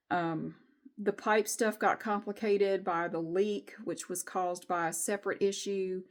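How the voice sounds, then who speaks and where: Lady ranting about her week, candid and frustrated, restarts a lot, cusses a bit. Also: lowish voice. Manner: candid, frustrated, rambling with restarts and mild swearing. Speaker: vlogger. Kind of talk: casual venting monologue.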